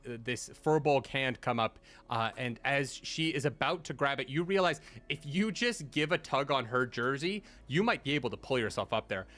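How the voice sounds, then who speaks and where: A man narrating as game master, animated and laughing, with many fillers. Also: mid-range voice.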